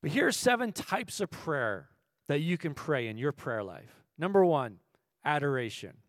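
A male pastor preaching a sermon, moving between quiet teaching and loud, impassioned passages, and asking the audience questions. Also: fairly high pitch, very animated, moderate pace, dry recording.

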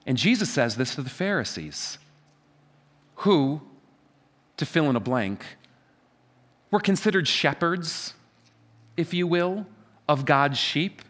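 A man preaching a sermon from a church stage, emphatic and repetitive, swinging between loud stresses and quiet asides. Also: lively intonation, takes it slowly, pauses often. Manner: emphatic, repeats phrases, wide swings in pitch and loudness. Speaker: pastor.

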